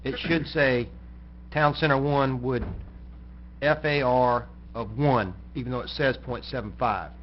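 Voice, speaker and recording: Plainspoken man chairing a county meeting. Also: mid-range voice. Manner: plainspoken, folksy, brisk. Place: county commission meeting room. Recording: muffled recording with faint noise.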